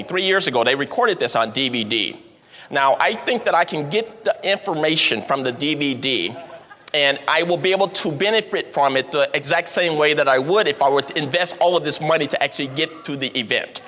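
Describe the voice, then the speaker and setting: A man putting on the voice of a cautious, analytical man who talks slowly through costs and benefits, heard in a seminar hall. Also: a little high, lively intonation, sharp tone, pitched below the performer's own voice. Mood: deliberate. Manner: slow, measured, calculating. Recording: long hall reverb from a seminar.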